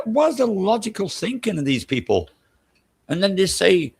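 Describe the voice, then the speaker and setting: Husky, gravelly older man. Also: mid-range voice, a bit bright. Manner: ranting, profane, exasperated. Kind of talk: casual chat.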